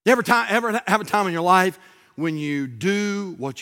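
High, bright preacher man. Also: animated, normal speed. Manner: dynamic, swings from shouting to near whisper. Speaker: pastor. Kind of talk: sermon. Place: church sanctuary.

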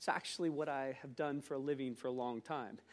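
A man preaching a sermon at a church conference, animated, rising to loud exclamations and dropping to soft reflective asides. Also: mid-range voice, fairly quick. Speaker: conference speaker. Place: church auditorium. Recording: live in a large hall with long reverb.

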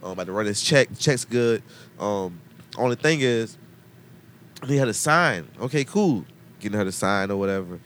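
A young man telling a long story in casual chat, slangy and animated, acting out the people he quotes. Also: lowish voice, moderate pace, a little hiss or hum. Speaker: podcast guest telling a story.

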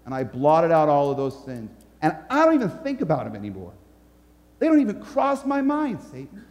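A preacher speaking as a calm, loving savior. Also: male voice, a little high, normal speed, big-room sound. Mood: firm. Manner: gentle, assured.

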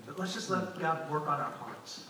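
A man's voice: fairly high pitch, expressive, moderate pace, background noise. A middle-aged man preaching a conversational sermon to a congregation and asking the room for responses. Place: church hall with congregation. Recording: echoey church hall from far off.

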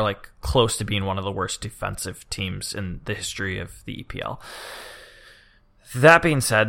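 A man's voice: lowish voice, creaky, bright, forceful tone. A man co-hosting a casual podcast, rambling eagerly as he talks through his reasoning. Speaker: podcast co-host.

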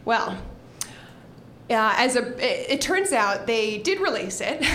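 A woman's voice: on the high side, slow, slight background noise. A young woman telling a funny story on a live stage, laughing and acting out her own screams as she goes. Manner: animated, laughing, acts out screams. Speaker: storyteller guest. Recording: roomy live venue with crowd. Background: audience.

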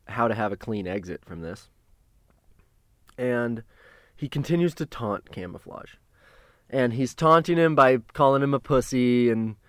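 A man's voice: medium pitch, no room sound. Man telling a profane story, dry sound. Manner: profane, halting, with restarts and sudden loud bursts. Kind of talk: casual personal storytelling.

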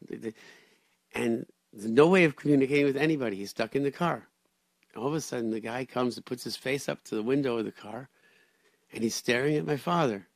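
A man hosting a radio chat, telling stories in a lively way with many restarts and Hebrew and Yiddish words. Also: medium pitch, brisk, creaky, no room sound. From Rochester, New York area. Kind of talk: casual storytelling chat.

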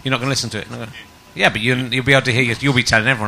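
A man hosting a podcast, interviewing his guest in a teasing, deadpan way. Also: medium pitch, racing, vocal fry, background noise. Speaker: podcast host. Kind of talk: casual chat. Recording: live podcast at a comedy festival.

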